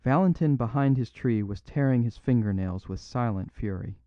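A man narrating a classic story in a measured, even storytelling manner. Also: mid-range voice, no room sound. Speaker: audiobook narrator. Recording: dry, slightly dull lo-fi.

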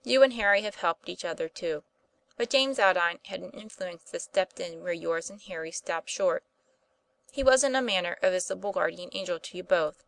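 A woman voicing a kindly, patient male schoolteacher who speaks earnestly and gently. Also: lowish voice, animated, moderate pace, vocal fry, no echo, low-quality recording.

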